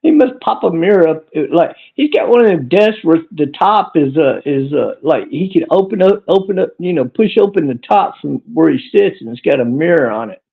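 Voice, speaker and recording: A man's voice: fairly high pitch, lively intonation, fairly quick, hardly any pauses. A man hosting a livestream podcast, rambling crudely and chuckling as he answers viewers. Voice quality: gravelly. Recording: tinny phone-like audio.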